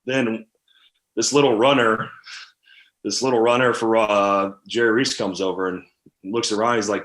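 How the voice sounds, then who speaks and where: A man in his thirties, a former football player, telling candid stories from his career in a casual, animated interview. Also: fairly low pitch, moderate pace, long pauses, echoey room. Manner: animated, candid storytelling with fillers. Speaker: podcast guest, former NFL tight end.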